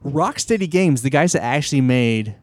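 Excitable, profane man on a dry mic. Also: medium pitch, normal speed, dry recording. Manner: rambling, profane, excitable, lots of fillers. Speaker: podcast host. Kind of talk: casual podcast chat.

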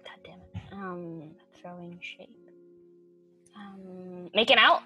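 Woman, husky, bright, lively, giggly and sweary, casual chat, faint music behind. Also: fairly low pitch, slow pace. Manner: giggly, swearing, playful guessing.

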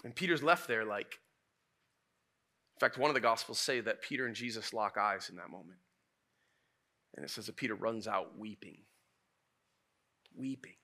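A man preaching a sermon as a pastor, telling stories in a lively, casual way. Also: on the low side, moderate pace, pauses often. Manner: animated, casual storytelling preacher.

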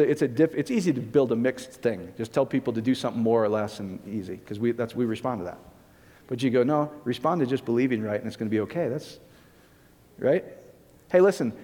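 A man's voice: fairly high pitch, darkish tone. A male pastor preaching a conversational sermon, often asking the congregation whether it makes sense. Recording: long reverb of a large hall.

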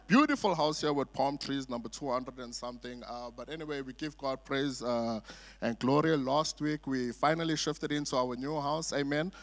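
In a church sanctuary, a middle-aged guest preacher gives a sermon, telling jokey stories peppered with "uh" fillers. His voice is a little high and fairly bright, and he speaks at a moderate pace in a chatty, storytelling way.

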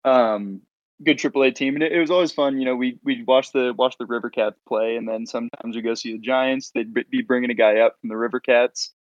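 A man's voice: mid-range voice, fairly even intonation, fairly quick, dry recording. A man from the Sacramento area in casual podcast chat, offering hedged opinions on a dull lo-fi mic. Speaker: podcast panelist.

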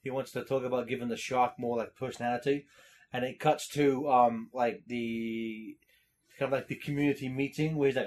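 A man co-hosts a casual podcast about movies and shows, laughing often and acting out quotes. His medium-pitched voice is steady, a little mellow, at a moderate pace.

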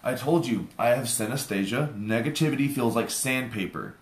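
A man with a loud, forceful voice rants and swears in a heated argument with his partner. His pitch sits at an ordinary middle. The sound bounces around an echoey room. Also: expressive, moderate pace. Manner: ranting, profane, insistent.

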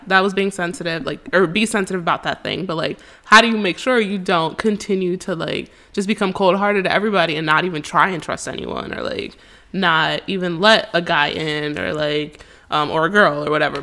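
A woman co-hosting a podcast in casual chat, rambling and halting with many fillers. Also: lowish voice, creaky, sharp tone. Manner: rambling, halting, frequent "like", laughs between thoughts. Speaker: podcast co-host.

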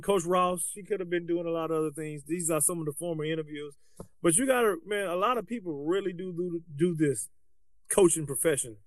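A man with a fairly high voice co-hosts a casual podcast, talking with loose, animated energy and frequent restarts. The sound is close and dry, with no room behind it. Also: no room sound. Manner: animated, colloquial, restarts often. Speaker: podcast co-host, basketball coach.

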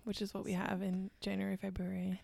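A woman's voice: mid-range voice, completely flat delivery, fairly quick, vocal fry, darkish tone. A young woman from Minnesota hosting a casual chat, friendly and curious, asking questions. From Minnesota, USA. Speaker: host.

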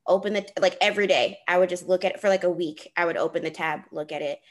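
Expressive young woman with a lowish voice. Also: fast talker. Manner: expressive, laughs often, drops to a whisper for asides. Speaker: podcast co-host. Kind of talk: casual personal storytelling.

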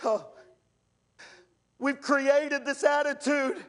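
A male pastor preaching an impassioned sermon in church, rising to shouts and calling out to the congregation. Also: sits high, a little slow.

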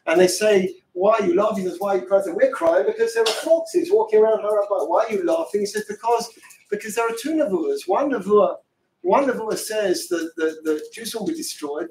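A man's voice: extremely high pitch, slight background noise. A fervent rabbi lecturing a class, his voice picked up from a distance and ringing around a roomy hall. He drives his points home with pointed rhetorical questions, and a faint room ambience sits underneath. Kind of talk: impassioned Torah lecture.

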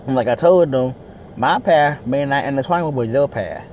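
A man's voice: mid-range voice, normal speed, a little mellow, a little hiss or hum. A young man hosting a casual solo podcast, rambling and swearing, often restarting his words in frustration. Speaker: podcast host.

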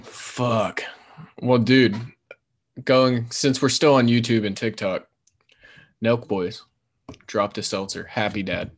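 A man's voice: mid-range voice, fairly even intonation, takes it slowly, long pauses. A man co-hosting a podcast in loose casual chat, swearing often and filling his talk with "like" and "you know". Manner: loose and profane, lots of fillers. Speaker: podcast co-host.

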